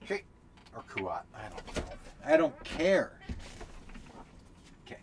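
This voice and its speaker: A man's voice: mid-range voice, very animated, unhurried, slight background noise. A man casually chatting while setting up a tabletop game on a live stream, often mumbling to himself as he sorts pieces.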